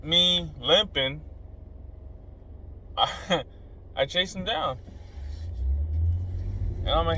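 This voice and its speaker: A man talking in a casual vlog monologue, animated and blunt as he rants, recorded inside a car. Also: on the high side, very slow, long pauses, a little hiss or hum, poor audio. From Southern California desert. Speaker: vlogger.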